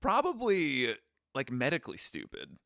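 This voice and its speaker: A man's voice: mid-range voice, wildly swooping pitch, normal speed, vocal fry, fairly bright tone, dry recording, studio quality. A man co-hosting a podcast in casual chat, joking and self-deprecating. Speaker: podcast co-host.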